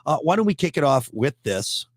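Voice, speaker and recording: Lively, teasing man co-hosting radio. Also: fairly high pitch, fairly quick, no room sound, studio quality. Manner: teasing, laughs often, lively. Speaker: radio morning show co-host. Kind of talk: casual radio banter.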